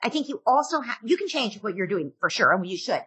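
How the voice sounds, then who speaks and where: A middle-aged woman speaks as a parenting expert in a podcast interview. Her voice is bright, fairly high and a little husky. She is animated and slips into quick acted lines of parents and kids. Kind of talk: podcast interview, casual advice.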